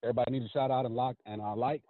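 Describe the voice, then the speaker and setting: A man's voice: medium pitch, steady tone, very fast, dry recording. A man calling in to a show, speaking in a friendly, plainspoken way. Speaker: caller. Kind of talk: phone-in caller comment. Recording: phone line.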